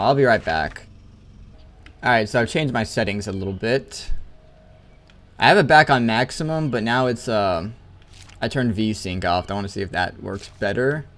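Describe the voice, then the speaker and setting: A man's voice: on the low side, fairly bright tone, a little hiss or hum. A man hosting a let's play, chatting casually and correcting himself as he plays. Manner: rambling and self-correcting. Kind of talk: casual game commentary.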